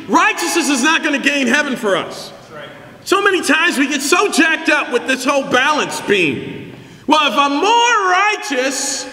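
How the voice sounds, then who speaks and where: A man preaching a sermon as pastor, emphatic and building to shouts, with call-and-response questions to the congregation. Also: very high voice. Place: church sanctuary. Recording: echoey hall reverb.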